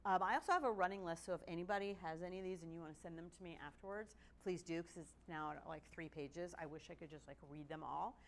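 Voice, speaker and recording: A middle-aged woman giving a casual, animated lecture at a training session, often acting out the excuses people give. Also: lowish voice, fast talker, few pauses. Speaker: presenter at a court training session.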